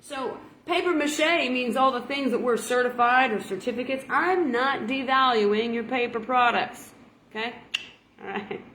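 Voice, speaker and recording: A woman from Oklahoma preaches in a loose, folksy ramble, chuckling at her own jokes. Her voice sits a little high. The sound carries a roomy echo with a faint ambient hum underneath. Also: a little slow, fairly bright tone. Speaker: online preacher. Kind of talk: casual folksy sermon.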